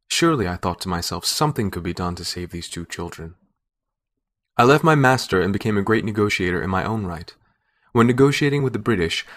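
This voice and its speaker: A man narrates a first-person story in a measured, steady way. His voice sits on the low side. The reading is calm and unhurried, a classic audio fiction narration. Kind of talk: scripted narration.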